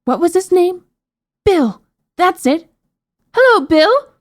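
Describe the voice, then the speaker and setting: A woman doing a shrill, bratty princess. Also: level tone, normal speed, close to an everyday voice. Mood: mocking. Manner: shrill, shouting, haughty. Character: bratty loud young princess, demanding and indignant.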